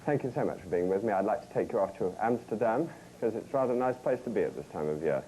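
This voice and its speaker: A man's voice: lowish voice, expressive, fast, warm tone, a little hiss or hum, poor audio. A man hosting a cooking show, joking wryly with a studio audience in an archival broadcast. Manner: wry, teasing asides.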